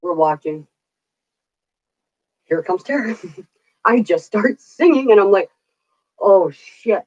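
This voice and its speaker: A woman's voice: medium pitch, lively intonation, takes it slowly, darkish tone, dull audio. A middle-aged woman telling stories in casual chat, chatty, laughing often and swearing casually. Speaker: vlogger.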